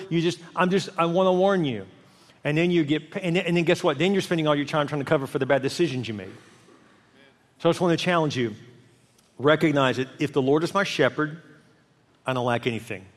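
A middle-aged man preaches in a high, bright-pitched voice, chatty and animated, slipping into playful asides. His words ring out with the long reverb of a large church hall. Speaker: pastor. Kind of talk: sermon.

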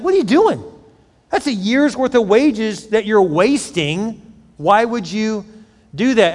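A middle-aged male pastor preaching a sermon in a conversational, animated way, acting out little scenes as he goes. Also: on the high side. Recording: long hall reverb.

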